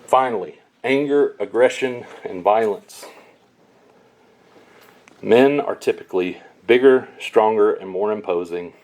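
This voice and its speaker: A middle-aged man preaching a sermon, telling stories bluntly with sharp, emphatic peaks. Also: fairly low pitch, a little slow. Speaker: pastor.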